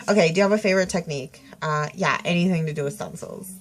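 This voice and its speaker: A woman's voice: fairly low pitch, quick pace. A woman, stuffy-nosed, rambling through a casual tag video at home with lots of fillers and self-corrections. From Minnesota. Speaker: craft vlogger. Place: home craft room.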